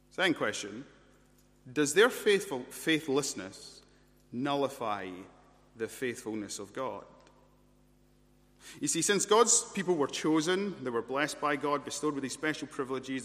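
A man's voice: mid-range voice, fairly bright tone. A man preaching an expository sermon, leaning on rhetorical questions and emphatic repetition. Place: church. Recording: reverberant church hall.

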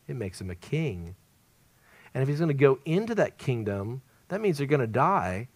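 A man preaching an evangelistic sermon at a church service, swinging between loud emphasis and hushed, near-whispered lines. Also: mid-range voice, sing-song, moderate pace.

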